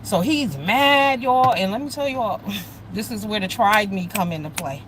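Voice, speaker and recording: A woman's voice: mid-range voice, expressive, a little slow, fairly bright tone, a little hiss or hum, low-quality recording. A middle-aged woman hosting a casual livestream, talking bluntly and with heavy profanity and greeting viewers by name as they join. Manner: blunt, profane, heated storytelling. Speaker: livestream host.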